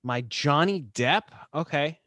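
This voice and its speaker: A man talks as a podcast guest in a playful, casual way, sometimes trailing into hesitant fillers. His pitch swings widely as he speaks. The sound is close and dry, with no room around it. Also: expressive, slow pace, bright, forceful tone, no room sound. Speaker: podcast guest, writer and storyteller.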